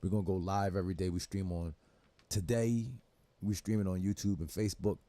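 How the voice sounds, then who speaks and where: Low-voiced man riffing loosely, dry sound. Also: fairly even intonation, a little fast, dark tone, dry recording. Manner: loose, laughing, swears freely. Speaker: livestream host reacting to clips. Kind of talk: casual profane reaction commentary.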